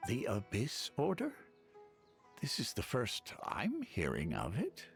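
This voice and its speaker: Old village grandpa, kindly but forgetful; voice swoops widely. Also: male voice, medium pitch, huge pitch swings, takes it slowly, vocal fry, soft background music, full character voice. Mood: polite. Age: older. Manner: courteous, hesitant.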